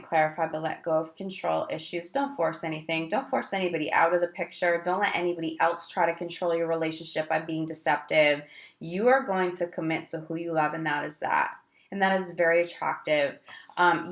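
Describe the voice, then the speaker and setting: A fairly low-pitched woman giving a chatty tarot reading to her viewers. She talks casually, using plenty of fillers, and keeps slipping into little acted-out quotes. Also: fairly bright tone. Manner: chatty, acts out quoted lines, frequent fillers. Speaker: tarot reader.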